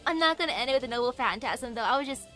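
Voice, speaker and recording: A young woman streaming a game, chatting excitably as she plays. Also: high voice, rapid-fire, over music. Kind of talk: casual game commentary.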